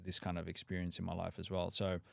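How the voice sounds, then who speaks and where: A man's voice: low-pitched, fast, vocal fry, dry recording, clean studio sound. A man from Australia, a podcast guest, chatting casually with lots of "like" and "you know". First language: English. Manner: relaxed, frequent "like" and "you know" fillers. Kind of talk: casual conversation.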